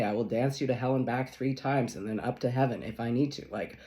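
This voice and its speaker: Chatty man telling a rambling story. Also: medium pitch. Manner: rambling, animated, swears casually, laughs often. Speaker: tarot reader. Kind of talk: chatty spiritual storytelling vlog.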